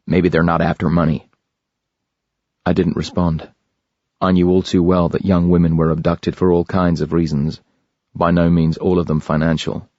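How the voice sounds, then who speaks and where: A man with a very deep voice narrates a first-person thriller in a measured, grave tone. The sound is dry and close. The top end is a little dull. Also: flat delivery, warm tone, dry recording. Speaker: audiobook narrator. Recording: dry, slightly dull studio recording.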